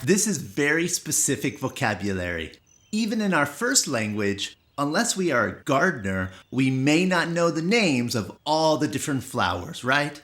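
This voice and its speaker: An English teacher explaining vocabulary carefully and clearly in an online lesson. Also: medium pitch, sing-song, normal speed, a bit bright.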